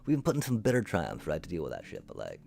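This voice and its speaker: A man's voice: a bass voice, wildly swooping pitch, fast talker, vocal fry, darkish tone. A male streamer ranting to his chat, angry and profane, swearing through his frustration. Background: faint music.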